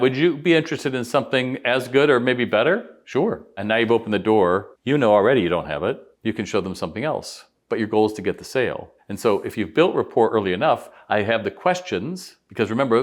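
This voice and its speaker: A man teaching retail sales in a conversational video talk, acting out quoted customers and staff with changed voices. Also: fairly low pitch.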